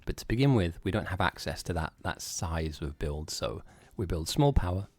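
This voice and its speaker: Man, low-ish voice, game commentary, explanatory, dry close sound. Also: sing-song, normal speed, darkish tone, dry recording. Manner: explanatory, laughs often.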